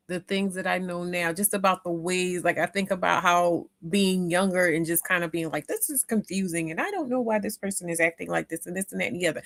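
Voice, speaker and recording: A woman hosting a talk podcast, commenting emphatically with loud stresses. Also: lowish voice, brisk. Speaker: podcast host.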